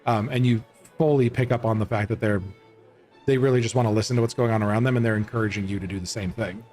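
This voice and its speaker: A man narrating a tabletop role-playing game as game master, in a loose, halting way with many fillers and restarts. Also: fairly low pitch, steady tone, a little mellow, soft background music.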